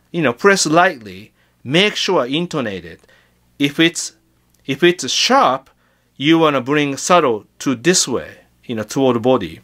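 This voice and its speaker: A man teaching guitar in a casual lesson, chatty and halting, often repeating words as he demonstrates. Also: fairly high pitch, fairly bright tone.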